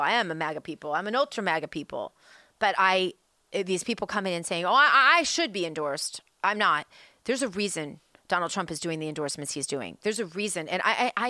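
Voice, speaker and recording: A woman's voice: lowish voice, bright, forceful tone, no room sound, clean studio sound. A woman hosting a political talk show, delivering a fired-up, emphatic monologue that is full of rhetorical questions. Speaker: political commentary host.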